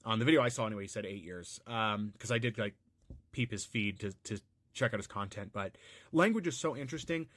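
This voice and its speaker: A man's voice: lowish voice, a little fast, a bit bright. An American man giving unscripted, musing commentary, often restarting his sentences. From United States. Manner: rambling and musing, frequent restarts and fillers.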